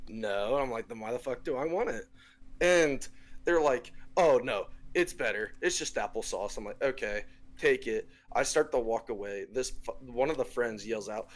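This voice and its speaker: Young man, crude storyteller, podcast co-host on a call mic, average pitch. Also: normal speed. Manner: crude, animated, acts out quoted voices. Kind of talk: casual storytelling over a voice call. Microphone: desktop mic on a voice call.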